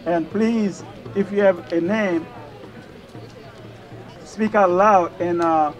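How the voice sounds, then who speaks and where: Soft-spoken man from Mali announcing. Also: high voice. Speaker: rally organizer reading out names. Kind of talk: casual announcements. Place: outdoor rally. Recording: outdoor rally with crowd and music.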